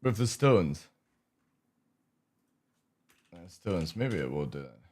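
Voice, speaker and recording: A man's voice: low-pitched, very animated, slow pace, a little mellow, husky. An English man streaming a game, chatting to his viewers in a rambling way and swearing freely. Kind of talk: casual live-stream chat.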